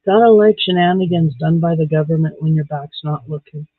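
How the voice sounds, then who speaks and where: A man's voice: fairly high pitch, a little fast, no room sound. A man from Canada chatting casually on a livestream while beading, giving blunt, candid opinions. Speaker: livestream host. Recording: tinny phone-like dry sound.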